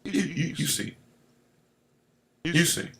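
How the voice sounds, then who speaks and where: A man's voice: fairly high pitch, animated, slow pace, vocal fry. A man co-hosting a podcast in casual chat, talking emphatically and repeating himself like a preacher. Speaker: podcast co-host. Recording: loud background noise.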